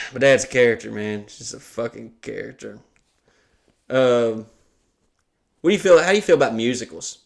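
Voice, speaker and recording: This podcast co-host has a medium-pitched voice with vocal fry, speaking at normal speed and pausing often. A profane, casual storyteller, he laughs a lot and performs the voices of the people he quotes.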